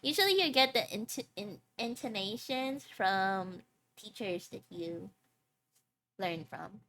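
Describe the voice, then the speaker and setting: A woman's voice: medium pitch, animated, slow, bright, forceful tone, a little hiss or hum. A young woman, a streamer chatting casually and rambling between giggles. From Philippines. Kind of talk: casual live-stream chat.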